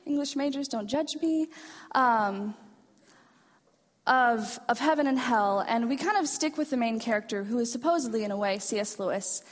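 A woman's voice: fairly high pitch, normal speed. A woman giving a chapel message to students, earnest and self-deprecating, retelling stories in a hall. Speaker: chapel speaker. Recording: reverberant hall.

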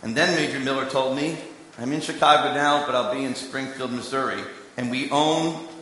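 A man preaching in a large hall, his voice bright and forceful. His story moves between hushed asides and strong emphasis, and every word rings out with a long, echoing reverb. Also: mid-range voice, fairly even intonation, brisk, a little hiss or hum. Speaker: preacher and candidate recruiter. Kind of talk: sermon.

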